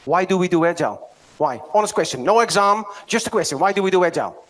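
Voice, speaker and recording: A man's voice: high voice, animated, fast, a bit bright. A middle-aged man with a Dutch accent giving a conference keynote, telling stories and often checking in with "right?". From Netherlands. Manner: storytelling, asks the audience "right?" often. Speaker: keynote speaker.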